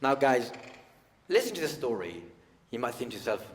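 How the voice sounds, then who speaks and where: A man from the United Kingdom doing live stand-up comedy on a theatre stage, animated and given to shouted outbursts. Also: medium pitch, moderate pace, a little hiss or hum. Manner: animated, shifts to shouted outbursts for acted rants. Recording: live hall with long reverb.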